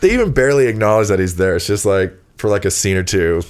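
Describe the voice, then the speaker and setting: Guy with a really deep voice chatting on a podcast, lots of ums and laughs. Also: animated, quick pace. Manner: rambling, with frequent fillers and laughs. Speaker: podcast host. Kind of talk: casual chat.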